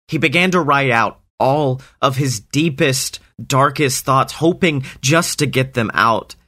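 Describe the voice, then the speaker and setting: A man telling an improvised parody story in a slow, earnest, deadpan way. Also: medium pitch.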